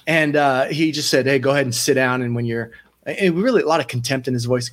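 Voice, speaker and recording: Here a thirtysomething sports psychology coach, speaking fairly quickly in a slightly high voice, recounts stories in a casual interview. He's lively, performs the quoted voices, and restarts himself often.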